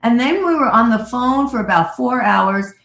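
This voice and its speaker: Lively woman telling a story, echoey room. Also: a little high, moderate pace. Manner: lively anecdote-telling, acting out quoted voices. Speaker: therapist and radio guest. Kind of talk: animated storytelling in an interview.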